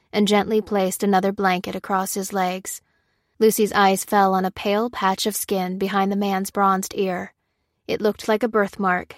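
Woman audiobook narrator, steady read, mid pitch, dead-dry close mic sound. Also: creaky, no room sound.

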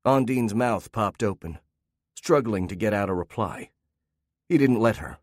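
A man narrating a fiction story in a measured, steady reading on a close mic. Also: lowish voice, dry recording.

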